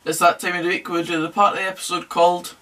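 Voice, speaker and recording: A man's voice: high voice, little pitch movement, fast talker, distant mic. A young man hosting a casual football podcast, chatty and jokey with wry asides. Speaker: podcast host. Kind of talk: casual solo football commentary.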